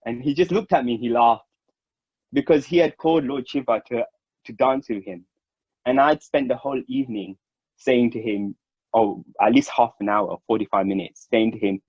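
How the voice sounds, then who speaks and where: A man from Mauritius telling stories in a relaxed, informal way, laughing now and then and calling people "bro". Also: mid-range voice, normal speed, breathy edge, dry recording. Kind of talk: casual storytelling. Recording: dull lo-fi dry sound.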